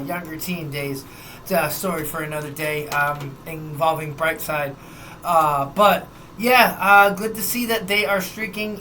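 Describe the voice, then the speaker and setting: Bright-voiced young sports podcast man. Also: high-pitched, a little hiss or hum. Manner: loose and chatty, swears, reads scores in quick lists. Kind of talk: casual sports news rundown.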